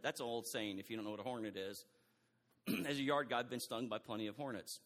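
A middle-aged man preaching a sermon in an animated way, acting out quoted dialogue and often restarting his sentences. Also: on the high side, fairly quick, big-room sound.

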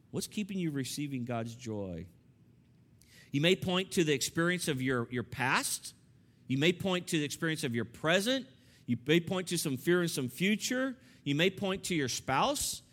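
Pastor guy preaching, kinda high voice, goes loud then soft telling his story. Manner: storytelling, varies pitch and loudness for emphasis. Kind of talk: sermon.

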